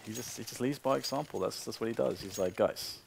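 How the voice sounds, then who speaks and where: A man's voice: mid-range voice, fast talker, vocal fry, slight background noise. Man calling esports play-by-play. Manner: builds to excited bursts on big plays, calmer on analysis. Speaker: esports commentator. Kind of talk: live play-by-play commentary.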